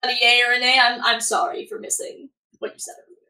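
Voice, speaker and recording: A woman hosting an improvised voice role-play, briskly moderating the discussion and calling for votes. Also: a little high, monotone, bright, forceful tone, echoey room, poor audio. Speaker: host running the game.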